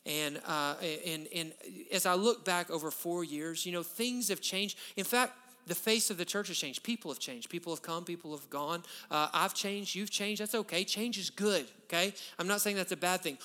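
A man, preaching a sermon as pastor, conversational and then loud and emphatic. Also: sits high. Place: church sanctuary. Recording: long reverb of a church hall.

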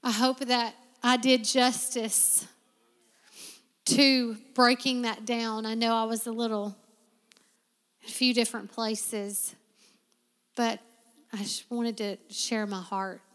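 A woman's voice: a little high, little pitch movement, takes it slowly, long pauses, a bit bright. A woman preacher giving a heartfelt sermon and prayer in a church, with a repetitive preaching cadence. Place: church sanctuary. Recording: long reverb of a church hall.

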